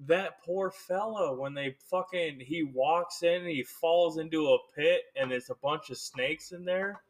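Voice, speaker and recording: A man's voice: fairly high pitch, a little slow. A man chiming in during casual chat with short remarks, swearing now and then.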